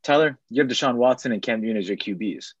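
A man's voice: mid-range voice, quick pace, husky, no room sound, lo-fi sound. A man on a casual sports podcast, running through fantasy football stats and waiver picks. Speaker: fantasy football segment host.

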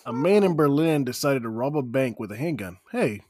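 A man's voice: mid-range voice, lively intonation, a little fast, darkish tone, dry recording, studio quality. A man in his thirties co-hosting a comedy podcast, reading out a list and riffing on it with jokes. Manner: joking, reads blurbs then riffs. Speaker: podcast co-host.

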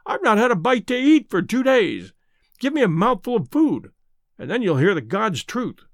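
A man voicing a hunted, hungry man putting on a surly, whining tramp act, talking roughly. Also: high-pitched, sing-song, moderate pace, dry recording, studio quality, pitched above the performer's own voice.

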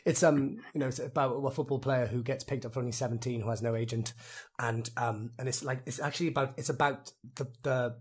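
A Welsh man, an actor guest, chatting casually on a podcast, rambling and animated, laughing often. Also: medium pitch, fairly quick, husky. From Wales.

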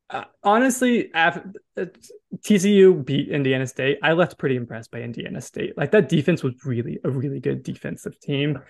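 A man hosting a college baseball podcast in casual chat, talking quickly and correcting his own facts as he goes. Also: on the high side, creaky. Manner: chatty, self-correcting, checks facts aloud. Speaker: podcast host.

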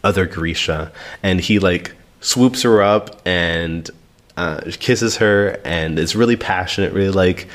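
A man's voice: low voice, a little slow. A man co-hosting a casual book discussion, talking in a thoughtful way and searching for his words as he goes. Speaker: podcast co-host.

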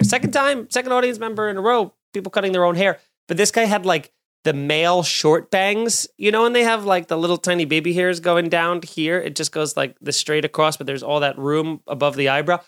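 A man, a comedian hosting a podcast, telling a story in a casual, animated way and acting out the other people's lines. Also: on the high side, normal speed. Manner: animated, acts out quoted voices.

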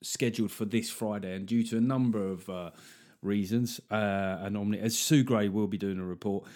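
A man's voice: fairly low pitch, fairly even intonation, normal speed, darkish tone. A man hosting his own podcast, talking casually and jokily, rambling through asides and little acted-out bits. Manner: chatty, jokey, rambling with asides and acted-out quotes. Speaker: podcast host. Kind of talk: casual solo chat.

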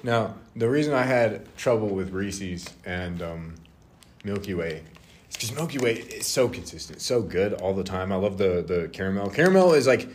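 A man's voice: deep voice, moderate pace, slight background noise. A young man co-hosting a casual chat, laid-back and rambling with frequent restarts. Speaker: co-host.

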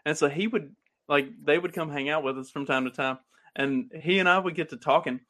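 A man's voice: fairly high pitch, fairly quick, fairly bright tone. A Southern American man with a slightly raised voice, telling a loose, rambling story and chuckling as he goes. He talks casually, with many fillers and restarts.

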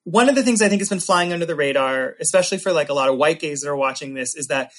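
A man hosting a casual chat, animated and sarcastic, with quick asides. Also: a little high. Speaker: podcast host.

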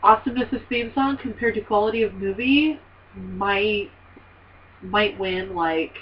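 A woman's voice: medium pitch, measured pace, muffled recording. Joking woman co-host, slightly distant. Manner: joking, laughs often. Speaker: podcast co-host. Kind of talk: casual chat.

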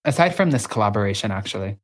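A podcast co-host in casual chat, animated and gossipy, acting out what others said. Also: low-pitched, very fast. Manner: animated, gossipy, acts out quoted voices.

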